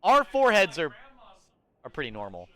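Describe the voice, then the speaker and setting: A man's voice: a little high, wildly swooping pitch, moderate pace, fairly bright tone. A young man giving casual, joking gameplay commentary, laughing often and swearing freely. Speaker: gaming commentator.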